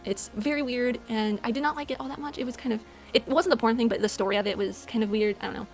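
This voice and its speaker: A woman's voice: a little high, fast, faint music behind. A woman hosting a movie channel, chatting casually through a monthly recap of what she watched, rambling and correcting herself as she goes. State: out of breath. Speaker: movie channel host and podcaster. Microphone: voice-over, no camera.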